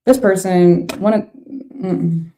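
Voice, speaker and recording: A woman's voice: lowish voice, steady tone, slow, mellow, slight background noise. A woman doing a casual tarot reading, thinking aloud with frank, laughing reactions. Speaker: tarot reader.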